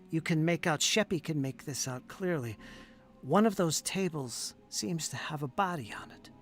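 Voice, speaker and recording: A man running a live tabletop game as game master, narrating scenes in a measured, descriptive way. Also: fairly high pitch, fairly bright tone.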